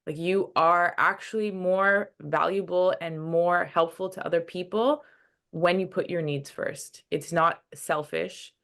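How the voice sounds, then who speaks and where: A woman's voice: lowish voice, fairly even intonation, creaky, fairly bright tone. A woman being interviewed as a podcast guest, talking earnestly with many restarts and acted-out quotes. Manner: earnest, halting, acts out quoted dialogue. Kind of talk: casual interview chat.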